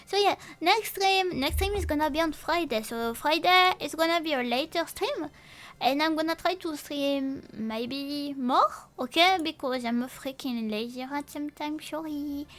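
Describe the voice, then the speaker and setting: A young woman who speaks natively, chatting casually on a live stream in a rambling, halting way with many restarts and playful swearing. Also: high voice, a bit bright. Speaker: VTuber streamer.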